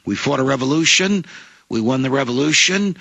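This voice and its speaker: A man's voice: medium pitch, animated, a little fast, creaky, bright, forceful tone, no room sound, poor audio. A middle-aged man, a former judge and author, arguing emphatically as a radio guest with an oratorical, lawyerly cadence. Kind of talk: impassioned talk radio argument.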